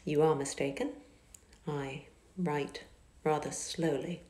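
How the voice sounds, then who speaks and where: A woman reading a novel aloud and voicing a proud, reserved young gentleman, speaking low, quietly and curtly. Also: steady tone, takes it slowly. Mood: cool. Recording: echoey car interior.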